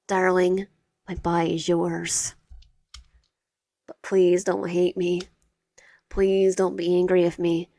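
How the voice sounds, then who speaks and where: A woman's voice: on the low side, level tone, slow pace, pauses often, warm tone, dry recording, clean studio sound. Woman voicing a clingy pleading teenage boy. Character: possessive tearful teenage boy classmate, pleading.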